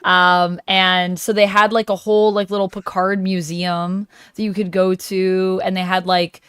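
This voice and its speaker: A woman's voice: mid-range voice, flat delivery, measured pace, fairly bright tone, clear, resonant tone, no echo, clean studio sound. A woman hosting a streamed comics chat, talking in a chatty, enthusiastic way over a call mic. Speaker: host. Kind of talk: casual chat.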